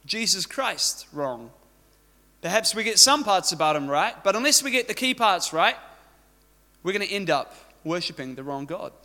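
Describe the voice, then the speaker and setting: A man's voice: sits high, bright, forceful tone. A man preaching a sermon, opening with a prayer and telling a story with joking asides. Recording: echoey hall reverb.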